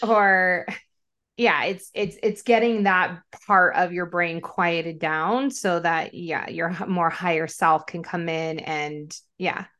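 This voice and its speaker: A woman's voice: fairly low pitch, fairly even intonation, takes it slowly, fairly bright tone. Rambling woman podcast host. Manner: rambling, searching for words, many "like" fillers. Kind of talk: casual conversation.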